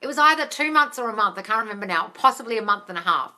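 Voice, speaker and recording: A young woman chatting casually on a livestream, answering viewer questions, excitable and swearing freely. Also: a little high, rapid-fire. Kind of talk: casual live chat.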